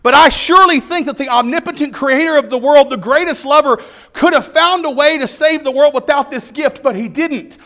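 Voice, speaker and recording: Brief: male pastor preaching, high-pitched, rhythmic repeated phrases, emphatic delivery. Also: fairly quick, fairly bright tone. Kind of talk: sermon.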